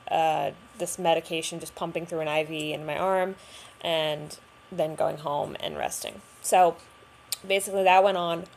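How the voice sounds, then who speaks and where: A woman's voice: lowish voice, darkish tone, a little hiss or hum. Chatty young woman telling her story. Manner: chatty and candid, many fillers. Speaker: vlogger. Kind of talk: personal storytelling to camera.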